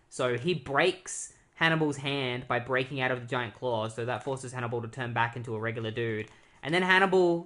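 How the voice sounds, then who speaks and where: A man co-hosting a podcast, casually retelling a comic storyline with lots of fillers and quick quoted character voices. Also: medium pitch, fairly bright tone. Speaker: podcast co-host. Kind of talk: casual comic book recap.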